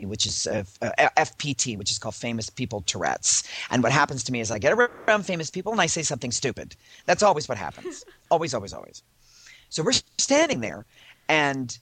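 A man's voice: fairly high pitch, a bit bright, slightly rough, no room sound. A man co-hosting a talk show, telling an anecdote in a casual, theatrical way and mimicking other people's voices. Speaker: podcast co-host. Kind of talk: casual storytelling chat.

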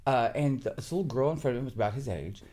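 A man, chatting casually as co-host and telling animated stories. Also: fast. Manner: animated storyteller, mimics others in high voices. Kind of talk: casual chat.

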